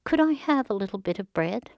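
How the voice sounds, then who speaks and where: A woman's voice: lively intonation, a little fast, dry recording, lo-fi sound, lightly acted. A woman voicing an old beggar crone who is secretly a stern fairy, in a storybook tale. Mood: pleading. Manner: high, pleading then stern.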